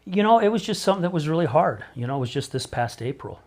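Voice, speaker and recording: A man's voice: a little high, sing-song, quick pace, darkish tone. A middle-aged man speaking as a podcast guest, talking openly and emotionally with frequent restarts. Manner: emotional, open, rambling with repeated starts. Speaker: podcast guest, recovery coach. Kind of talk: candid interview conversation.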